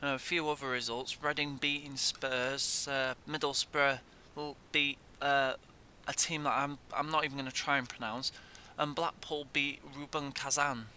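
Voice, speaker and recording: A man's voice: little pitch movement, normal speed, few pauses, bright, forceful tone. A young man giving casual gameplay commentary, swearing in frustration at the game. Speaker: gaming YouTuber. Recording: faint noise and low rumble.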